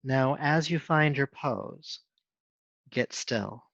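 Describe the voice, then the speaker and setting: Calm man guiding a yoga class. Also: medium pitch, takes it slowly, vocal fry, no echo. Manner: calm, steady cueing with soft hums. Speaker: yoga instructor. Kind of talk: guided yoga class instruction. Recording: dull, dry sound.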